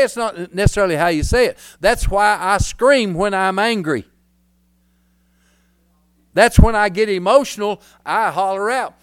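An older man with a drawl delivers a rambling, folksy sermon. His voice sits high for a man, and he swings from quiet asides to loud hollers. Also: measured pace, clear, resonant tone. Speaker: pastor.

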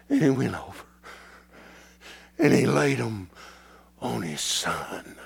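A man preaching a sermon in a folksy, repetitive way, swinging from hushed whispers to shouts as his voice gives out. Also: medium pitch, sing-song, takes it slowly, creaky, pauses often, breathy edge. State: losing his voice.

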